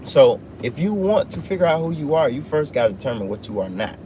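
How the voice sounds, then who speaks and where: With a fairly high pitch and big swings in it, a man speaks a little fast during an off-the-cuff motivational livestream. He leans on emphatic, repetitive phrasing in a preacher's cadence. The setting is a truck, captured on a phone amid noisy cabin sound.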